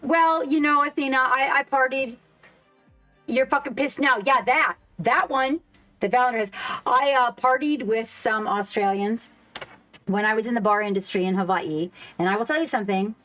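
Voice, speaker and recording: A woman's voice: a little high, moderate pace, pushed and bright, soft background music. A woman hosting a casual live stream, chatting loosely with viewers, swearing freely and reacting to the chat.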